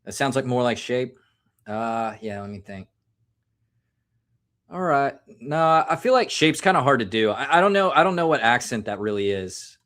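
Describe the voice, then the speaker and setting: A man's voice: mid-range voice, lively intonation, moderate pace, fairly bright tone. An American man rambles through a live stream, cracking jokes at his own expense. His talk is loose and casual, like someone having a drink on air. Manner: joking, rambling, self-mocking.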